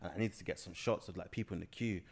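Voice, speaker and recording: Young London guy, casual guest, a bit low-pitched, loose slangy rambler who restarts his sentences. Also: steady tone, racing, slightly rough. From South London. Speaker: guest filmmaker. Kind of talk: casual interview chat.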